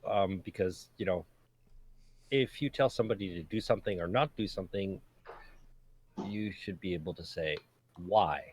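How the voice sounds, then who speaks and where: Deep-voiced man explaining calmly. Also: moderate pace, pauses often, a little hiss or hum. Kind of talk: casual chat.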